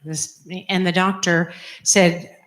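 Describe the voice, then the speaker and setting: Lively older woman telling a story. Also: on the low side, slow. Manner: animated, emphatic, acts out quotes. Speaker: religious sister giving a testimony. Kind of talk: storytelling talk.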